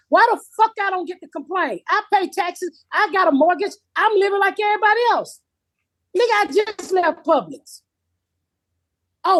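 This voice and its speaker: Loud, profane woman in her fifties, high-voiced. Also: moderate pace. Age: 50s. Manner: loud, profane, animated storytelling. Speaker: comedian podcast host. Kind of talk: casual podcast chat. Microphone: remote call with a patchy connection.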